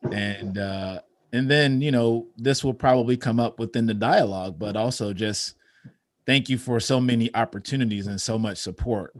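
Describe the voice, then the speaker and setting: Earnest low-voiced male podcast host. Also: no echo, studio quality. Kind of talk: podcast interview.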